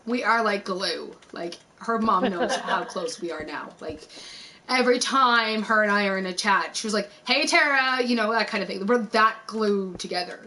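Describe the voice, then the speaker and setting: A woman's voice: mid-range voice, moderate pace, pushed and bright, poor audio. A woman rambling through a personal story in casual chat, swearing freely and acting out what people said. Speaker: YouTube host.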